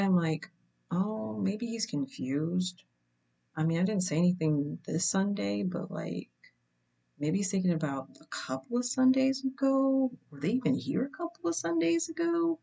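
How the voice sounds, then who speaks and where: A young woman hosting her channel, telling a personal story in a casual, measured way and checking in with "right?" asides. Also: medium pitch, expressive, creaky, mellow.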